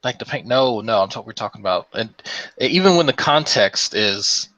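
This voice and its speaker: A man's voice: fairly low pitch, animated, normal speed, fairly bright tone, no echo, rough recording. A man in a casual podcast chat, talking in a laid-back, blunt way and swearing freely. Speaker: podcast guest.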